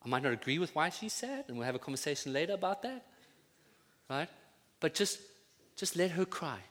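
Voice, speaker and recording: A pastor preaching a sermon to his congregation, building to loud fervent peaks and then dropping to quiet, tender prayer. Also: fairly high pitch, big pitch swings, fairly quick. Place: church. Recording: church sound with long reverb.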